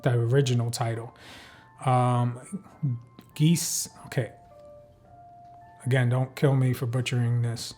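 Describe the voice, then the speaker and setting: A man's voice: medium pitch, darkish tone. A man hosting a podcast, recapping a film in a loose, joking way, swearing freely and filling gaps with ums. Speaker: podcast host reviewing a film. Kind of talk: casual rambling recap.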